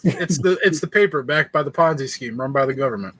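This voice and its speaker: A man's voice: medium pitch, fast, a bit bright, breathy edge. A man co-hosting a podcast, chatting casually and telling a story with loose, stammering restarts. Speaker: podcast co-host. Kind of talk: casual chat.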